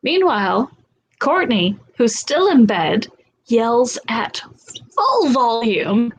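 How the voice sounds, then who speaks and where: A woman in her thirties with a somewhat high voice hosts a relaxed chat. She tells stories bluntly and swears freely. A faint hiss sits under her voice. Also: takes it slowly, low-quality recording. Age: 30s. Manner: candid, profane storytelling. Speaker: host. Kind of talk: casual chat.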